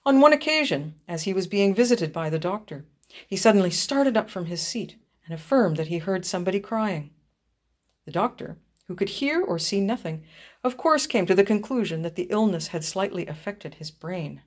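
Woman reading an eerie ghost tale. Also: mid-range voice. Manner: measured, expressive storytelling. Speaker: reader. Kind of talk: reading a ghost story aloud.

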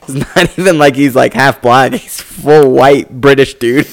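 A man telling stories in casual chat, animated, acting out what people said, swearing and laughing a lot. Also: medium pitch, unhurried, gravelly.

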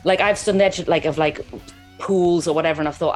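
Giggly woman, lowish voice. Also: steady tone, quick pace, faint music behind. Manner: rambling, giggly, lots of fillers. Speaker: podcast co-host. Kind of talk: casual chat.

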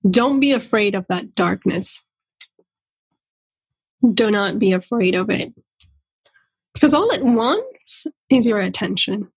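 A woman giving a gentle, searching personal monologue, pausing often with fillers as she talks through hard feelings. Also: medium pitch, sing-song, vocal fry, husky, no room sound. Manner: slow, gentle and searching, with many pauses and fillers.

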